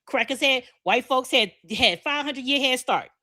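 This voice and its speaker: Brash, profane woman co-host, high and bright, very animated delivery. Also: normal speed. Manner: brash, profane, repeats herself. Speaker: podcast co-host. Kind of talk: loud comedic rant.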